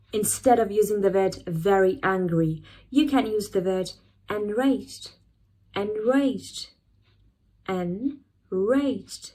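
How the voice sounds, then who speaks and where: A woman hosts an English vocabulary lesson in a middle-pitched voice. She repeats each new word slowly and clearly so learners can copy it. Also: mellow, low-quality recording. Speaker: English teacher, channel host.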